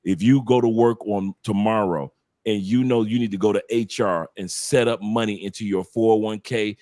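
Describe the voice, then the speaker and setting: A man's voice: on the low side, steady tone, moderate pace, warm tone, no echo, studio quality. A man from the United States, a podcast guest talking casually and emphatically, lecturing the audience directly.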